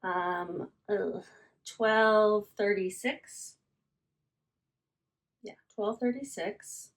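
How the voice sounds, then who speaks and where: A woman's voice: medium pitch, extremely slow. A woman vlogger chatting casually as she packs and ships her online sales, thinking aloud and repeating herself. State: yawning, hiccuping. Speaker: reseller vlogger. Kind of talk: casual chatty vlog while packing orders.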